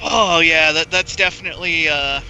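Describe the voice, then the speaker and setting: A man's voice: a little high, steady tone, moderate pace, pushed and bright, rough recording. A man co-hosting a casual gaming stream, chatty and amused as he talks about comedy. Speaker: co-host. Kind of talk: casual gaming commentary chat.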